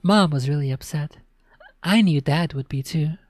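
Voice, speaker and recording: A woman narrating a spooky children's book in a dramatic reading, often dropping to a hush. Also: low voice, normal speed, no room sound. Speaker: storyteller.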